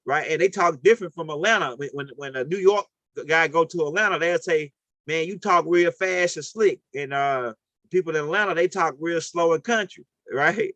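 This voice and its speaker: A man's voice: on the high side, brisk, sharp tone, dry recording. A man from New Orleans with a New Orleans accent, hosting a call-in talk and lecturing casually, rambling and often asking "right?". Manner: rambling, repetitive, with frequent "right?".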